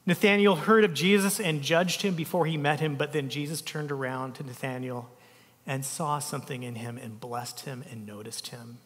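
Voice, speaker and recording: A male pastor from the United States with a slightly high voice, preaching a heartfelt sermon full of personal stories. He swings between lively emphasis and soft, tender lines. The sound carries the long reverb of a large hall. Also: moderate pace. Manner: emotional, storytelling, speaks softly at tender moments.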